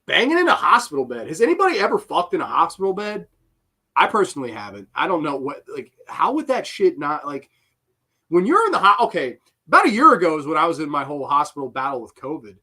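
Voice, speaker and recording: A man's voice: a little high, huge pitch swings, fast talker, bright, forceful tone, breathy edge. A young man giving rambling, profane live commentary on a horror film and breaking into giggling fits.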